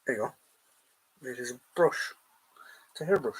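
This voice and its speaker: A man's voice: mid-range voice, lively intonation, moderate pace, breathy edge, poor audio. A man with an Irish accent hosting a live stream in casual, rambling chat, talking to his viewers as lads. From Ireland. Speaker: host of a live collectibles stream. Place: at home, going through a drawer.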